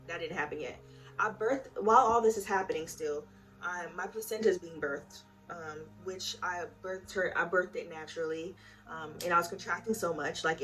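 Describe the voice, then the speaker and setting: A young woman with a low voice tells her story in a chatty, emotional way, talking right to her viewers. She sits a little back from the mic, and music plays under her voice. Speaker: vlogger telling her birth story. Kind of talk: casual storytime. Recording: voice a bit far from the mic with music behind. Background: background music.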